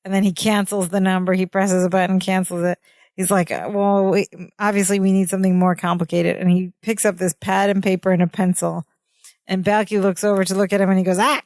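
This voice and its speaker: A woman's voice: medium pitch, little pitch movement, fairly quick, darkish tone, no room sound, studio quality. A woman co-hosting a podcast, casually recapping a sitcom episode and mimicking the characters' lines and reactions. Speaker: podcast co-host.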